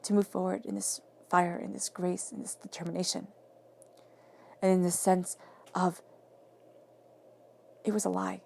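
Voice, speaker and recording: A woman reads tarot in an emphatic, affirming way. Her voice is gravelly and dark in tone, and she often sinks into soft whispers to stress a point. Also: lowish voice, little pitch movement, a little slow, long pauses. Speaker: tarot reader. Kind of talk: spoken tarot reading.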